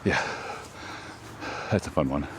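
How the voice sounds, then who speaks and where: The host, a Texan man filming a laid-back vlog at an outdoor disc golf course, talks slowly in a slightly bright voice. He's chatty and self-deprecating while rambling about his throws, and there's a little background noise.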